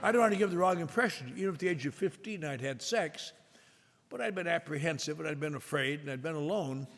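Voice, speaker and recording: An older man telling a self-mocking story to an audience at a recovery meeting, with a wry, drawn-out delivery. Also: fairly high pitch, expressive, fairly bright tone. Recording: echoey hall with faint noise.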